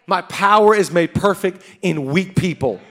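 Male pastor, 30s, high voice, fervent sermon delivery, rallying repetition. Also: normal speed, fairly bright tone. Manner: fervent, repeats rallying lines.

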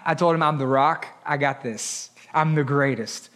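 A pastor playing a cocky, smug Peter. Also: male voice, fairly high pitch, normal speed, fairly bright tone, voice pushed down, lightly acted. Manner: smug, offhand boasting. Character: Peter, cocky self-assured male disciple.

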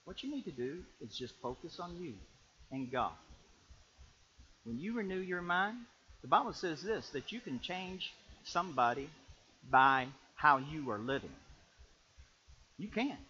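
A man preaching a sermon with a very bright, forceful, slightly high voice. He tells stories in a folksy, animated way, swinging from low asides to loud bursts. The sound is dull and lo-fi. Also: a little slow, long pauses, a little hiss or hum. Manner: folksy, animated storytelling with sudden loud peaks. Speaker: pastor.

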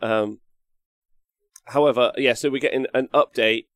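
A man's voice: mid-range voice, fairly even intonation, unhurried, fairly bright tone, no room sound. Rambling, jokey English man. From England. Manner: rambling, jokey, swears, reads chat comments aloud. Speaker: wargaming show host. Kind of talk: casual live-stream chat.

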